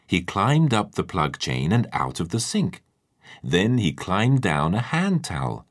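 A man narrating a children's storybook in a lively, expressive way. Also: low-pitched, a little slow.

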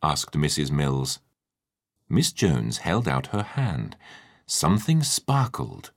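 A man narrating a children's storybook in a lively, expressive way. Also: very deep voice, slow, vocal fry, husky.

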